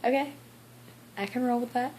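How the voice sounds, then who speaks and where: A woman's voice: on the high side, steady tone, moderate pace, darkish tone, slight background noise. A teenage girl ranting casually in a vlog, full of "like" fillers and acted-out quotes. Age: teens. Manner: chatty, frequent "like" fillers, acts out quotes. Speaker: vlogger.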